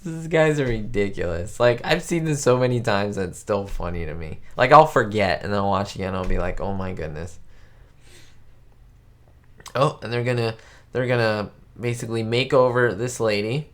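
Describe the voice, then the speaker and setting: A man's voice: on the low side, a little fast. Giddy man hosting a live reaction stream. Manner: giddy, laughs often, exclamatory; chats directly to viewers. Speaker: channel host.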